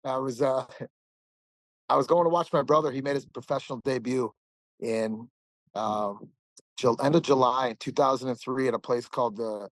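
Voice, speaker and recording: A man's voice: mid-range voice, normal speed, no echo, rough recording. A man in his forties from the American Midwest, a podcast guest telling a long story in a rambling, casual way, often laughing and saying "man". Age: 40s.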